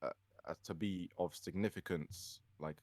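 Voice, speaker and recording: A man's voice: low voice, moderate pace, a little mellow, dry recording, clean studio sound. A young man from the UK co-hosting a casual podcast chat, talking hesitantly with many fillers and laughing as he tells a story. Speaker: podcast co-host.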